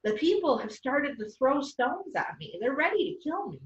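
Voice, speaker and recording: Woman reading as Moses, a firm, patient man leading his people, lively storybook voice, roomy and distant. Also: high voice, moderate pace, voice pushed up. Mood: earnest. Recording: echoey room, far off, dull sound.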